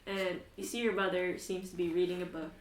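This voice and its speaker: Lady gm narrating d&d, relaxed, echoey room with some hiss. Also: on the low side, brisk. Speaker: game master. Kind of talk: narrating a tabletop game. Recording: echoey room, faint noise.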